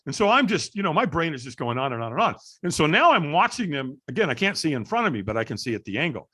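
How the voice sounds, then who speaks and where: A middle-aged man telling a story as a guest on a podcast, animated and acting out the voices of people in the story. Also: fairly high pitch, quick pace, few pauses, husky. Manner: animated storyteller, acts out quoted dialogue. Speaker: guest, firewalk instructor.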